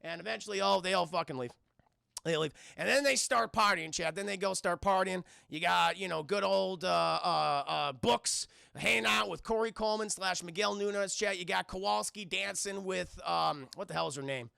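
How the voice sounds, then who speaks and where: A man recapping a film live for his chat in a loose, profane, rambling way, turning to address the chat constantly. His voice is high and very gravelly, with a bright edge. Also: normal speed, dry recording, studio quality. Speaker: film reviewer streaming live. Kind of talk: casual profane livestream movie recap.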